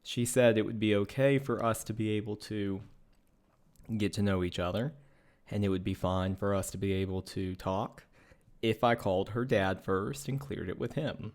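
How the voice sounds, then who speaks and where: A young adult man co-hosting a talk show, earnestly retelling a personal dating story in a measured, matter-of-fact way. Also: on the low side, fairly even intonation, a little mellow. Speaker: podcast co-host.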